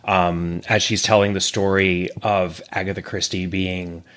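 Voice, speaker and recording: A man's voice: low voice, a little slow. A man talking animatedly as a podcast guest in a casual book discussion. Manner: animated, acts out quoted characters.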